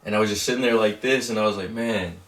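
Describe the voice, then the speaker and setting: Young man, low-pitched, rambling storyteller, echoey room, mic set back. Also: racing, noisy background. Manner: animated, rambling storyteller full of fillers. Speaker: co-host. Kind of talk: casual storytelling chat. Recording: roomy echo, mic at a distance.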